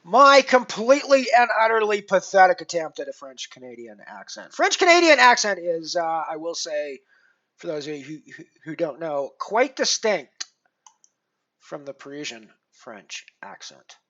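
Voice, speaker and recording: Male poker streamer, casual rambling chat, bright and edgy tone, muffled lo-fi stream sound. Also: a little high, sing-song, normal speed. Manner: rambling, many fillers and restarts; self-deprecating.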